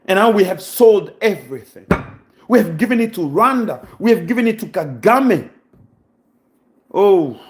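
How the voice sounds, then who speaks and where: Impassioned high-voiced Congolese man. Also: animated, normal speed, slight background noise. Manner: impassioned, preaching, rhetorical questions. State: emotional, close to tears. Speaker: channel host. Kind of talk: impassioned monologue.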